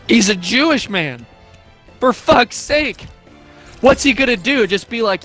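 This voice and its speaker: A man's voice: sits high, animated, normal speed, bright, forceful tone, soft background music. A young man streaming live, ranting casually with lots of swearing and mocking put-on quotes of other people.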